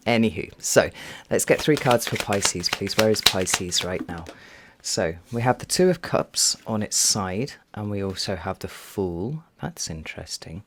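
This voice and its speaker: A man with a fairly low voice gives a casual tarot reading straight to his viewers. He talks in a loose, meandering way, full of fillers and restarts. At times he drops into a soft half-whisper. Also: lively intonation, a little slow, few pauses, very noisy. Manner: chatty and meandering, with many fillers. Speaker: tarot reader.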